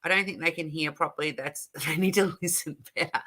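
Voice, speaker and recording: A woman's voice: low-pitched, fairly quick, bright, forceful tone. An Australian woman hosting a casual live stream, chatting and rambling, correcting herself, giggling and reading out viewer comments.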